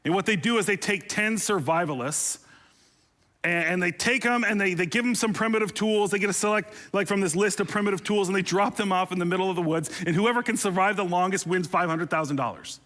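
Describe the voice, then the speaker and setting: Conversational preacher with a higher voice. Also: male voice, a little fast, a bit bright. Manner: conversational and humorous, with playful asides; rises in pitch and intensity on emotional appeals. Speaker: pastor. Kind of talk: sermon.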